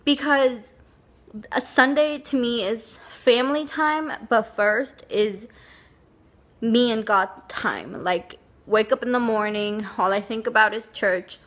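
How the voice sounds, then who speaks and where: A woman's voice: a little high, takes it slowly, a bit bright. A young woman chatting casually to camera, telling a rambling story with lots of fillers. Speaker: vlogger.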